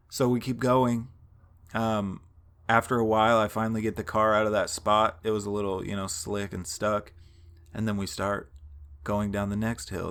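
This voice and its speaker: A man's voice: fairly low pitch, fairly bright tone. A man vlogging, telling a long story casually, rambling with lots of fillers and swearing.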